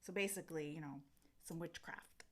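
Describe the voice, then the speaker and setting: A woman talks through a book plot in a relaxed vlog chat, stringing the story together with a steady stream of filler words. Her voice sits a little lower than most women's, and she rambles easily from one point to the next. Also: moderate pace. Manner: rambling storyteller, heavy use of filler 'like'. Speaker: vlogger. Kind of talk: casual chat, retelling a book while doing nails.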